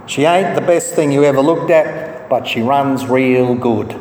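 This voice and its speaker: A man voicing a kind, gruff old gas station owner who speaks in plain, folksy country talk, inside a story told in a sermon. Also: medium pitch, unhurried, darkish tone, natural voice. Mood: easygoing. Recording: echoey hall from far off, faint noise.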